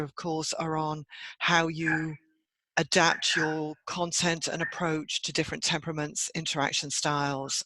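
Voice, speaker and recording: A middle-aged woman, a trainer and consultant, answering interview questions in an articulate, measured way and laughing easily. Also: low-pitched, a bit bright, no echo, rough recording.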